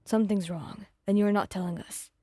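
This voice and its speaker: A woman voicing a gruff, blunt, hot-tempered young man in an ASMR fanfic reading, talking bluntly and swearing. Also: mid-range voice, steady tone, fairly quick, warm tone, dry recording, studio quality, natural voice.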